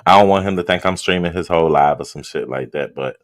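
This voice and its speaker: Low-voiced man chatting on stream. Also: quick pace. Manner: blunt, profane, chatty, reads viewer comments aloud. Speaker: streamer reacting to a live stream. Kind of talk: casual livestream commentary.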